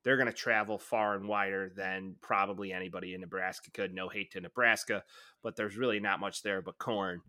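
A man's voice: sits low, fairly even intonation, brisk, pushed and bright. A young man co-hosting a casual sports podcast, rambling and laid-back, with lots of fillers. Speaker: podcast co-host.

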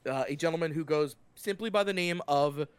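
Male game master, loose casual narration, somewhat high voice. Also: clear, resonant tone, dry recording. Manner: casual, halting narration with restarts.

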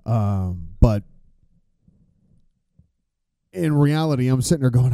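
A man's voice: mid-range voice, big pitch swings, brisk, dark tone, no echo, clean studio sound. Rambling, profane male podcast host. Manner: rambling, profane, loses his train of thought. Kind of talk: casual chat.

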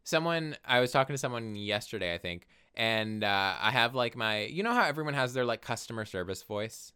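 Young dude podcasting, bright smooth voice, super expressive, goofy high voices for quotes. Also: male voice, a little fast. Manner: expressive, swings into high playful voices when quoting. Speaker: podcast co-host. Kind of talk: casual podcast chat.

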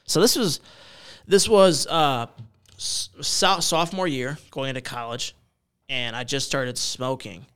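A man's voice: medium pitch, unhurried, a bit bright, smooth. A man in his twenties in casual chat, telling a story with lots of swearing and slang. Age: 20s.

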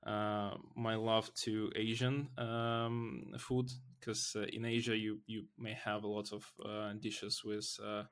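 Low, gravelly, hesitant man. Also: little pitch movement, slow pace, few pauses, a bit bright. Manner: hesitant, many fillers, non-native phrasing. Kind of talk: casual chat.

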